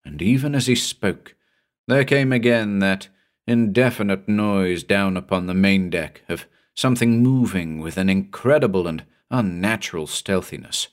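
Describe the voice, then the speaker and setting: A man narrating a horror story in a measured, suspenseful reading. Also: low-pitched. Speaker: audiobook narrator.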